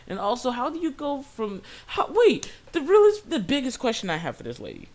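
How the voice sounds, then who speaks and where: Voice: medium pitch, fairly quick, hardly any pauses. A young adult retail worker telling a story in a casual, exasperated rant full of swearing. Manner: profane, exasperated, lively.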